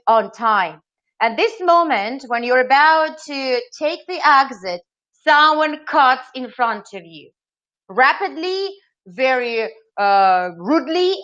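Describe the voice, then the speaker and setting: A woman running an online training webinar, lively and asking her audience questions. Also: sits high. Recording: slightly dull lo-fi audio.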